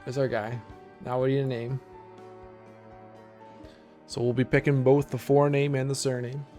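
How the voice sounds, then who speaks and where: In this laid-back game livestream, a man chats with his audience as he chooses options. He speaks in a mid-range voice at a moderate pace, with soft background music underneath.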